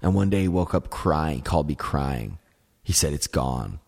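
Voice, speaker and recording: A man's voice: rumbling low, moderate pace, creaky, a little mellow. A man in casual chat, telling rambling, profane stories packed with "like" and filler. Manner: rambling, profane storytelling, heavy use of "like".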